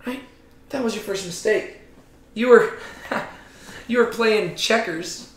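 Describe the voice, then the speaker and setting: A man teaching a Bible study group in a casual, animated way, peppering his talk with "like" and "right?". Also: high-pitched, slow. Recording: roomy echo.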